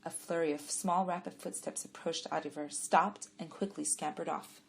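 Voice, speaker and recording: A woman reads a story aloud in a calm, measured way. Her voice sits on the low side for a woman, steady and unhurried. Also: gravelly, a little hiss or hum. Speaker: audiobook narrator. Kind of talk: scripted narration.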